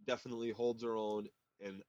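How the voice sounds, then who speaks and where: A man's voice: fairly low pitch, little pitch movement, brisk, a little mellow, no echo. A man co-hosting a casual podcast recap, enthusiastic and repeating words as he gets going. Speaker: podcast co-host. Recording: dry, dull lo-fi mic.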